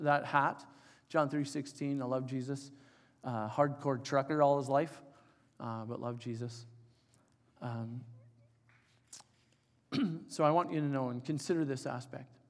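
A man in his forties preaching a sermon, telling an emotional personal story and dropping to soft, quiet tones for emphasis. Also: on the high side. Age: 40s. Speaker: pastor. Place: church hall. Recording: reverberant church hall.

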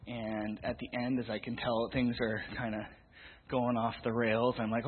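Husky man telling a church story. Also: mid-range voice, moderate pace. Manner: animated storyteller, acts out quotes, many restarts. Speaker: youth leader sharing a testimony in church. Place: church hall. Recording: tinny, echoey hall recording.

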